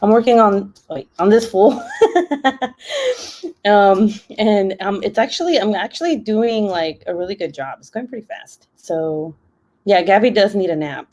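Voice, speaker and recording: A woman's voice: mid-range voice, measured pace, darkish tone. A woman hosting a casual craft livestream, chatty and laughing often.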